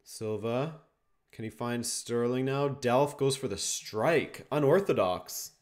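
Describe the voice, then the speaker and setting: A man's voice: medium pitch, takes it slowly. A young man from Canada hosting a live watchalong, casually answering viewer questions and reacting to the game. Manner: relaxed, reads viewer questions, reacts to play. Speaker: watchalong host. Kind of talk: casual live-stream chat and match commentary.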